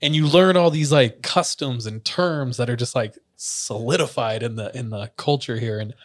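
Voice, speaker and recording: A young man tells a story to a friend in relaxed podcast chat. He acts out what other people said and laughs along as he goes. His voice sits at an ordinary pitch for a man. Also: moderate pace. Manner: animated storyteller, acts out quotes, laughs often.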